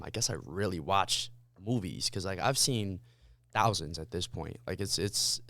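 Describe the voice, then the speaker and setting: A man talking as a podcast guest in a loose, profane, animated way. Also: fairly low pitch, clear, resonant tone, dry recording. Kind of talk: casual chat.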